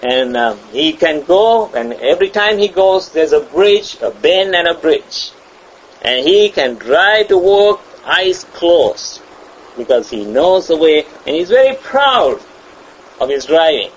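A man's voice: a little high, big pitch swings, slow pace. A man preaching a sermon in an emphatic way, repeating and restarting his phrases and acting out the voices he quotes. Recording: dull lo-fi sound with faint ambient noise.

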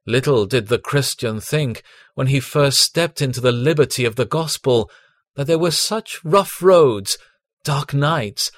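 A man reading a devotional sermon aloud in a solemn, measured way, with long pauses between phrases. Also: medium pitch, no room sound. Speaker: devotional reader.

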